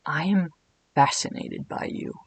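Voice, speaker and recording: A man doing an impression of an actor playing a flirty, seductive cat king, speaking low, soft and slow. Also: husky. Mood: sultry.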